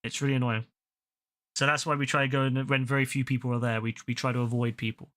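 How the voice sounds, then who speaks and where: A gaming video host chats casually while he plays, ranting animatedly and swearing a lot. His voice is medium-pitched and quick, and he tells his stories in a profane, lively way.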